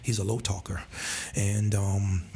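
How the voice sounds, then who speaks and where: Gravelly-voiced man telling a story. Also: on the low side, unhurried. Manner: animated storyteller who acts out quoted voices and laughs often. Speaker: pastor and church planter. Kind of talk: storytelling in a podcast conversation.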